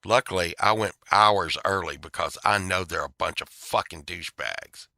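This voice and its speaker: A man's voice: deep voice, normal speed, creaky, pushed and bright, no room sound, studio quality. A man telling a story in an angry, swearing rant, acting out the other people in it. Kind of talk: casual profane storytelling rant.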